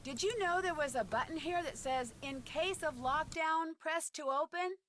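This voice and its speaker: Game role: inquisitive young woman, high bright voice, eager questions. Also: normal speed, a little hiss or hum. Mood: curious. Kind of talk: video game voice acting.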